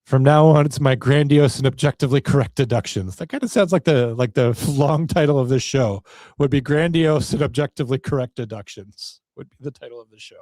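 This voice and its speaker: A man's voice: medium pitch, a little fast, mellow, no room sound, clean studio sound. A man hosting a solo podcast, rambling in a wry, self-deprecating way. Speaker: podcast host.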